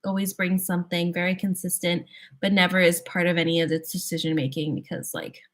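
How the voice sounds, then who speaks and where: A woman's voice: on the low side, little pitch movement, brisk, a bit bright. A young woman hosting a casual livestream, chatting with viewers, laughing often and thinking aloud with plenty of "like"s. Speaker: livestream host. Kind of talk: casual chat answering viewers.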